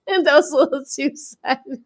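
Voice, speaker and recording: A woman's voice: high voice, takes it slowly. A young adult woman co-hosting a casual podcast chat, laughing often as she talks. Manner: giggly, laughs often between remarks. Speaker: podcast co-host.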